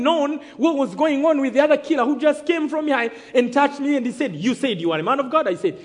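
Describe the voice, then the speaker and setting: A man's voice: very high voice, expressive, quick pace, hardly any pauses. A man from Rwanda giving a sermon testimony, emphatic, calling for amens and acting out the dialogue of his story. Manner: emphatic, calls for amens, acts out quoted dialogue. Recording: long hall reverb.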